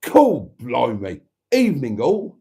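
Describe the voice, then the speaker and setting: A man voicing a brassy, chatty woman viewer with a loud, slangy manner. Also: mid-range voice, huge pitch swings, slow pace, vocal fry, exaggerated voice. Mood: cheery. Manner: loud, brash, slangy greeting.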